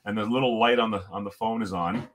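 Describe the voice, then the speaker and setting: Middle-aged man with a low voice, lively storyteller who chuckles often, podcast guest. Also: quick pace. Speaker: podcast guest, former hockey coach. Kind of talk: storytelling in conversation.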